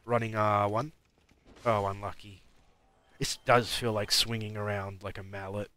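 A man's voice: on the low side, little pitch movement, a little slow, sharp tone. A man giving rambling live commentary while playing a game, mumbling and talking back at the enemies on screen. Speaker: streamer.

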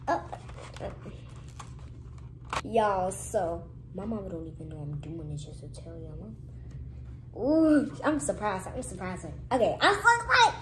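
Lively young woman vlogging, pitch jumping. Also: a little hiss or hum, poor audio. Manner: lively, switches to hushed whispers when nervous. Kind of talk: casual vlog chat to camera.

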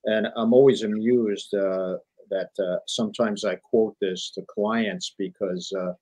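A middle-aged man, a journalist and author, telling business stories in a lively, emphatic way as a guest on an interview show. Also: on the low side, unhurried, rough recording. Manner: animated storyteller, emphatic repetition. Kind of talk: conversational interview.

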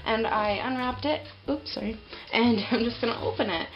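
A young woman in a casual vlog, opening a gift package and gushing with excitement, full of fillers and little laughs. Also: a little high, normal speed, muffled recording, music in the background. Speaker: pet vlogger.

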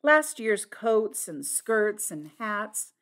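A woman's voice: sing-song, very slow, a bit bright, exaggerated voice. A woman playing an eager, impulsive young woman. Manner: breathless, high, eager outbursts.

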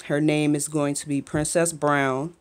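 A young woman speaks straight into her phone camera at home. Her talk is candid and emotional, full of halting restarts as she opens up as a mother. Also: low voice, flat delivery. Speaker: mother vlogging. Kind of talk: emotional personal vlog. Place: home, just after a shower.

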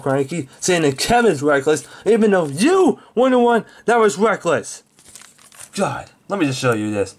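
Guy angrily ranting about a cartoon episode, swearing a lot, kinda high voice. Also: sing-song, normal speed. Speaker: show reviewer. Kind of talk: angry video review rant.

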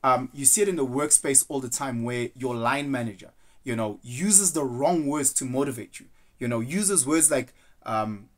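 A young man speaks in an unscripted, reflective way. He is earnest and loose, circling back on his points. His pitch sits in an ordinary middle range. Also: moderate pace. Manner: earnest, loose and rambling, acts out quoted voices. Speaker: vlogger. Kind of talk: casual reflective monologue.

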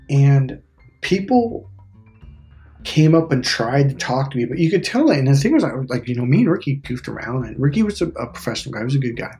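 A man's voice: mid-range voice, darkish tone. Rambling, profane middle-aged man telling a story. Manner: rambling, profane, restarts often, voices other people in his story. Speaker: spiritual life coach. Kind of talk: casual storytelling monologue.

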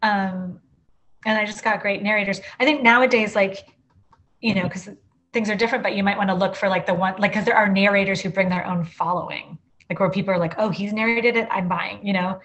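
A woman's voice: medium pitch, brisk. A woman author talking casually as an interview guest, chatty, with many "likes" and restarts. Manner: chatty, full of "like" and restarts, animated.

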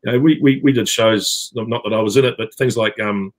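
Low-voiced New Zealand man, rambling. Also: fairly quick. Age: middle-aged. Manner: rambling, relaxed, many fillers and restarts. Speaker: actor guest. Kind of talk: casual interview chat. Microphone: video call.

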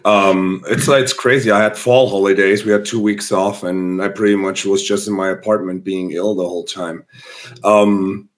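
A man with a hoarse voice, chatting loosely as a guest in an interview, full of fillers and restarts. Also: low-pitched, fairly even intonation, moderate pace. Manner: rambling, many fillers and restarts. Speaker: guest musician. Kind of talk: casual interview chat.

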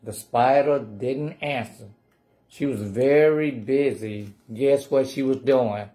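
A man's voice: mid-range voice, slow, mellow. A man reading a picture book aloud at a library storytime, playfully coaxing the children to say the refrain along with him.

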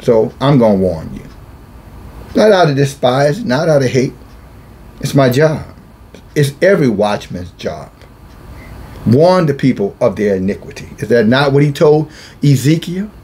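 A man's voice: mid-range voice, sing-song, unhurried, pauses often, darkish tone, husky. A man preaching a blunt, scolding sermon, calling himself a watchman and repeating phrases for emphasis. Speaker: self-styled watchman preacher. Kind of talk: rebuking sermon monologue.

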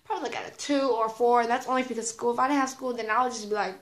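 A teenage girl with a slightly high voice tells a loose, rambling story full of fillers, slang and the odd curse word. Her voice bounces off a roomy, echoey space. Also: fairly even intonation, very fast. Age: teens. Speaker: vlogger. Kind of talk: casual storytime monologue. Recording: roomy echo.

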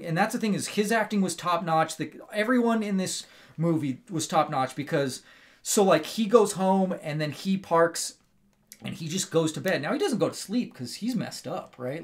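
A man hosting a casual movie review, telling the story in an animated, rambling way with lots of fillers and tag questions. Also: a little high. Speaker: movie review show host.

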